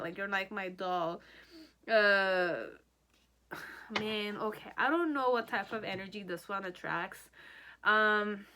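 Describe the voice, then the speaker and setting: A woman's voice: mid-range voice, bright, forceful tone. A woman giving a pick-a-card tarot reading, speaking in first person as the person being read. She rambles and hedges, often checking in with "okay?". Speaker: tarot reader.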